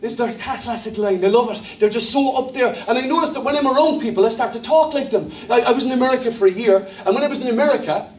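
High-voiced Irish pastor preaching with humor. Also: male voice, fast talker, hardly any pauses, a little mellow. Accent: Irish, Cork. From Ireland. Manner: humorous, self-deprecating, storytelling. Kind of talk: sermon. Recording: echoey church hall from a distance.

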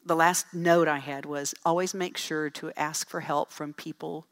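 A middle-aged woman speaking to a church audience, telling folksy, animated stories with asides about parenting. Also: sits low, unhurried. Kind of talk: storytelling talk to an audience.

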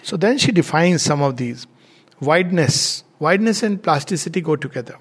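A man's voice: fairly high pitch, lively intonation, moderate pace, breathy edge. A man gives an earnest spiritual talk. He tells anecdotes and counts off virtues one at a time. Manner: earnest, with laughs and spoken lists of virtues. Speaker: spiritual teacher.

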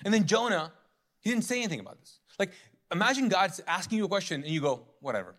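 A pastor delivers a lively, conversational sermon, joking, laughing at his own lines, and acting out the voices of biblical figures. His voice sits high, and he talks fast.

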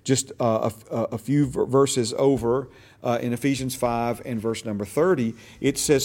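A man's voice: medium pitch, fairly even intonation, normal speed, a little mellow. A man teaching a Bible class in a conversational way, repeating phrases for emphasis and checking that his listeners follow him.

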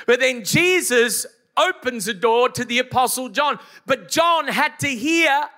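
A middle-aged man preaching at a church service, his voice sitting very high for a man and ringing bright and forceful. He drives his points home with repetition and rhetorical questions thrown at the congregation. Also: expressive, a little slow. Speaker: pastor. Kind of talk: sermon.

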